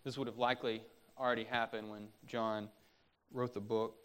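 A man's voice: mid-range voice, flat delivery, moderate pace, fairly bright tone, clear, resonant tone. A middle-aged man preaching a sermon as a pastor, earnest and exhorting, pressing harder on his warnings.

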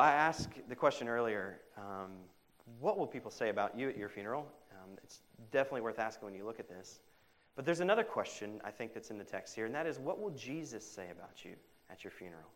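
Male pastor, mid-pitched voice, sermon with big swings from loud emphasis to hushed quotes, chatty asides. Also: sing-song, fairly quick. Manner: conversational asides with "right?".

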